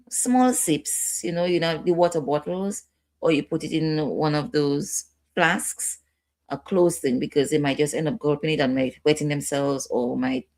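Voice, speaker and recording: A woman's voice: low voice, a little mellow. A woman instructor giving a training lecture, repeating key points and checking in with her listeners.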